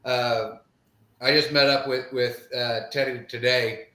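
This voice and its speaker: A man's voice: medium pitch, fairly even intonation, takes it slowly, pushed and bright, roomy sound. A middle-aged man co-hosting a live show, chatting casually and reading viewer comments, with a drawling manner and lots of filler phrases. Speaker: podcast co-host. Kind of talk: casual live-stream chat.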